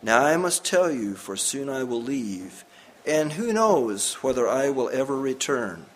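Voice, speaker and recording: A man voicing an old, devout and stubborn pearl diver who speaks slowly and solemnly in a hushed voice. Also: medium pitch, sing-song, a little hiss or hum, voice pushed down. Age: older.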